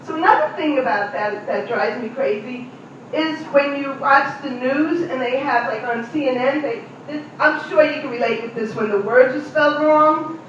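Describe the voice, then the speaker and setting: A woman's voice: sits high, moderate pace, fairly bright tone, a little hiss or hum. New woman doing stand-up, echoey and far. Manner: chatty, addresses audience members directly. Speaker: stand-up comedian. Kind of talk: stand-up comedy routine. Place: comedy venue with live audience. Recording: distant, echoey, muffled room recording.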